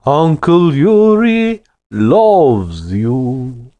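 A man voicing a huge, taunting brute of a man with a booming voice and a Russian accent, in a fiction podcast reading. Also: sing-song, slow pace, muffled recording. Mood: falsely sweet. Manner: falsely sweet, taunting. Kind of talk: audiobook character voice.

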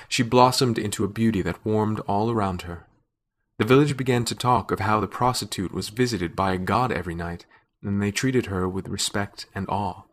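A man narrates a story in the first person with a measured, unhurried delivery. His voice sits on the low side, and his reading stays steady and controlled. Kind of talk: scripted narration.

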